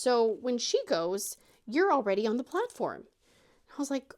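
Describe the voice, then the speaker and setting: A middle-aged woman with a fairly high voice tells a story in a casual, chatty way. Her pitch swings widely as she acts out the people she quotes, and at times her voice goes squeaky and shrill. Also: big pitch swings, moderate pace. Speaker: craft channel host.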